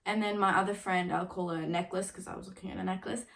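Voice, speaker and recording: A young woman in her late teens telling a story on her own vlog, casual and chatty, filling every pause with "like" and swearing now and then. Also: medium pitch, fairly even intonation, vocal fry. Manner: chatty, filler-heavy with constant "like"; swears casually while retelling. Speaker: vlogger.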